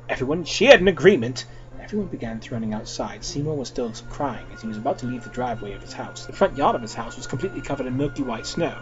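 A man's voice: medium pitch, lively intonation, fast. A young man reading a fan-fiction story aloud, dramatic and playful, switching between character voices. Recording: dull lo-fi recording with faint music.

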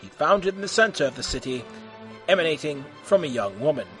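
A man narrating a comic story in a deadpan, matter-of-fact way. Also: on the high side, brisk, faint music behind.

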